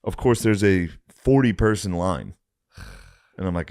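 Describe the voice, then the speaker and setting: A man's voice: sits low, moderate pace, a little mellow, clean tone, dry recording, studio quality. A man co-hosting a podcast, telling an exasperated, profane story in casual chat with bursts of laughter. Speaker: podcast co-host.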